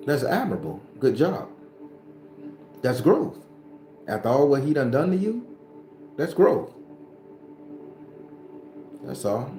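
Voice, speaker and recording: A man's voice: medium pitch, sing-song, slow, long pauses, warm tone, roomy sound, soft background music. A man hosting a spiritual livestream, talking bluntly and profanely to his viewers in a casual, preachy way.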